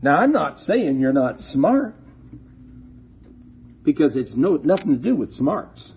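Male preacher, slow deliberate sermon delivery, slightly high voice, husky. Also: big pitch swings, slight background noise. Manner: slow, deliberate preaching with emphatic stressed words. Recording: dull lo-fi recording.

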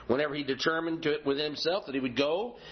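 A middle-aged man preaching a sermon, repeating key phrases slowly for emphasis. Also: a little high. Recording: dull lo-fi recording.

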